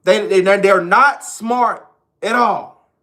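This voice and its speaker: A man's voice: high voice, slow, fairly bright tone. A man ranting in casual, profane, emphatic commentary straight to his viewers. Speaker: online commentator.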